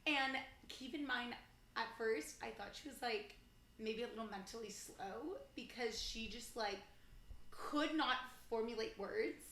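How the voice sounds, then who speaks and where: A woman's voice: on the high side, a little slow, bright, forceful tone, echoey room. A young adult woman co-hosting a podcast, telling a story in casual chat and animatedly acting out the people she quotes. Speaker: podcast co-host.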